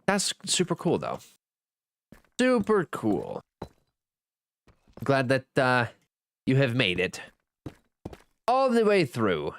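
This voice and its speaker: Lively smooth-voiced male game streamer. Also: slow, pauses often. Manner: reads and answers chat aloud, thanks viewers; jokey, self-teasing, swings between high and low pitch. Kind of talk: casual live-stream chat.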